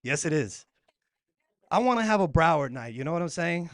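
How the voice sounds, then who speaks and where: A man's voice: a little high, very animated, brisk, a bit bright, no room sound, clean studio sound. A man in his thirties, from Puerto Rico, doing a laid-back, chatty stand-up set at a comedy club. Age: 30s.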